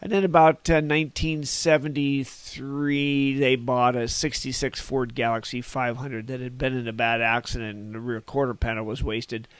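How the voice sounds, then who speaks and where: A man in his sixties from Northern California, reminiscing as a podcast guest. His voice sits at an ordinary middle pitch and is recorded dry and close. He wanders through his stories with folksy asides and chuckles at his own tales. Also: flat delivery, normal speed, hardly any pauses, smooth, no echo. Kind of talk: casual reminiscing storytelling.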